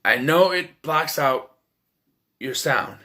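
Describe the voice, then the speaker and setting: A man's voice: fairly high pitch, lively intonation, slow, bright, forceful tone. A man giving a casual, rambling film review, exasperated and swearing freely. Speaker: movie reviewer.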